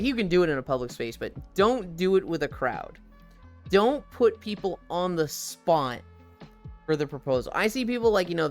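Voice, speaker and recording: Casual live-stream man, chatty and profane, acts out quotes; soft music underneath. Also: on the high side. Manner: animated, profane storytelling.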